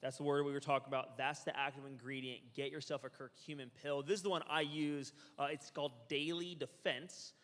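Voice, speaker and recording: A man presenting at a health seminar, lecturing a live audience in an energetic, joking way and quizzing them. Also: medium pitch, brisk, hardly any pauses. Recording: reverberant hall.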